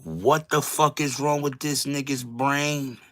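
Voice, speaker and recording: A man hosting a live online show, giving loud, profane, animated commentary. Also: mid-range voice, slow. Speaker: host.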